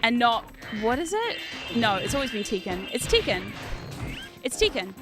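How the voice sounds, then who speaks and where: Young woman streamer; rambling, giggly casual chat, high pitch, music under the voice. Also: normal speed. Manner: rambling, giggly, animated outbursts. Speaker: VTuber streamer. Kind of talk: casual chat while streaming retro games.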